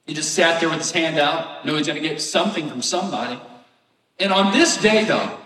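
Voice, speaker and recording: High-voiced pastor preaching in an echoey hall. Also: male voice, brisk, a bit bright, recorded from a distance. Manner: conversational preaching with rhetorical questions. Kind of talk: sermon. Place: church sanctuary.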